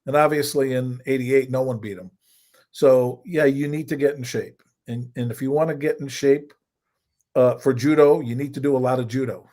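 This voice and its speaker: A man's voice: medium pitch, fairly even intonation, moderate pace, warm tone. An older man, a judo coach and co-host, giving casual coaching talk in a folksy way, repeating points for emphasis.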